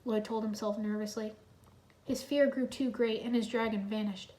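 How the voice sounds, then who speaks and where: A woman's voice: a little high, steady tone, normal speed, a little mellow. A woman reading a fan story aloud in plain storytelling narration. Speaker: reader. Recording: roomy echo.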